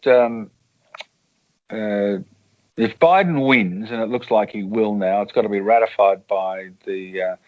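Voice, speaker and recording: A man's voice: lowish voice, phone-quality sound. An Australian man, an author and journalist, telling rambling anecdotes in a casual interview over a call.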